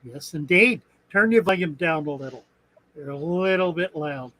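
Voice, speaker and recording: A man's voice: on the high side, moderate pace, fairly bright tone, no room sound, poor audio. A man hosting a casual aquarium live stream, rambling and thinking aloud, with a chuckle now and then. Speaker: aquarium channel host.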